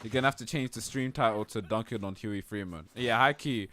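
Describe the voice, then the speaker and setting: A man hosting a casual stream chat, animated and laughing often, his voice jumping up when amused. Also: lowish voice, a little fast. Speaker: streamer host.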